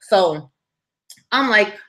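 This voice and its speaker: Role: live story-time host. Sex: woman. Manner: animated, blunt, profane, keeps asking "right?". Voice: bright, forceful, mid-pitched. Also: extremely slow.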